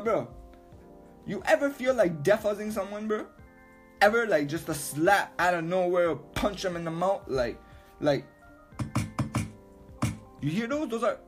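A man ranting loudly and emphatically, swearing a lot and repeating himself. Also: sits high. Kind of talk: profane rant to camera.

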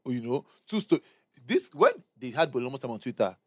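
A young Nigerian man co-hosting a casual podcast chat, rapid and repeating words as he finds his point. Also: medium pitch, sing-song, dry recording. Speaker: podcast co-host.

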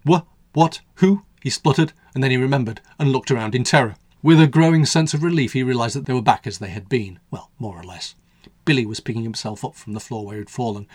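Husky-voiced male story narrator. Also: mid-range voice, no echo, clean studio sound. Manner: wry, measured storytelling. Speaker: radio host and storyteller.

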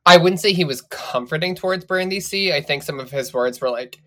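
A podcast co-host recapping a reality show in casual, animated chat, swearing freely and laughing often. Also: mid-range voice, fairly quick, hardly any pauses.

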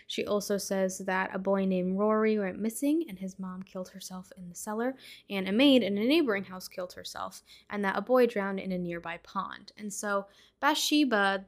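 A young woman at an everyday middle pitch talks through a horror film in a casual podcast recap. She is chatty and loose, full of fillers. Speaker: podcast host.

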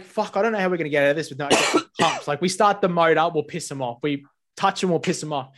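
An Australian man talking casually on a podcast. His voice sits a little high, and he tells stories in an animated way, with plenty of swearing. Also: fast talker. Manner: swears a lot, animated storytelling. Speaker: podcast host.

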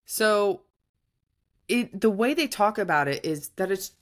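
A woman's voice: mid-range voice, measured pace. A woman co-hosting a book podcast, retelling a plot in casual chat with lots of feeling. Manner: animated, retelling plot with emotion. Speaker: podcast co-host.

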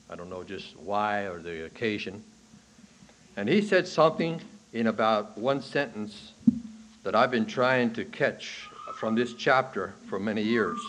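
A man preaching a sermon to a congregation in a church. He swings from hushed, low lines to loud, high bursts on key points and asks the listeners questions. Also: a little hiss or hum. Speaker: pastor. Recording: archival sermon recording.

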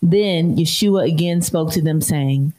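A person reading scripture aloud in a steady, measured way during a sermon. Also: medium pitch, poor audio. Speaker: scripture reader.

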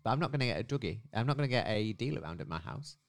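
Fast-talking British man hosting a podcast. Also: medium pitch, animated. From United Kingdom. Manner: chatty, swearing, quick and giggly. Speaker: podcast co-host. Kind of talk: casual podcast banter. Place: home.

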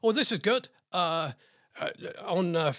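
A man's voice: sits high, animated, measured pace, fairly bright tone, dry recording, clean studio sound. A man with a British accent hosting a radio show, chatting casually, reading listener messages and odd news stories with rambling, jokey asides. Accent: British English. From England.

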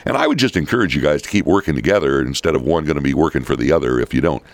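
A man's voice: very deep voice, expressive, very fast, no room sound. A middle-aged man hosting a local talk show, rambling wryly through civic news with many fillers and asides. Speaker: local radio show host. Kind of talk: casual talk-show commentary.

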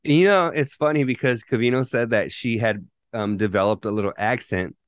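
Male podcast co-host, mid pitch, dry close sound, rambling profane storyteller. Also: moderate pace, dry recording. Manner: loose, profanity-heavy storytelling with rambling restarts. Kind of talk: casual chat.

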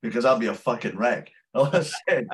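A man's voice: mid-range voice, lively intonation, normal speed. A Scottish man, a metal musician, chatting casually in a podcast interview, swearing freely and laughing often. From Scotland. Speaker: musician guest.

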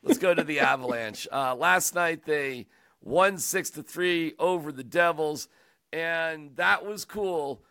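A man hosting a sports talk show, chatting casually and joking around in an animated, rambling way. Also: a little high, takes it slowly, vocal fry, no echo, clean studio sound. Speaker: sports radio host.

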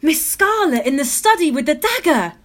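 A woman's voice: high voice, very animated, measured pace, darkish tone. A woman voicing an earnest, prim young detective's assistant in a comedy audio drama. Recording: noisy recording.

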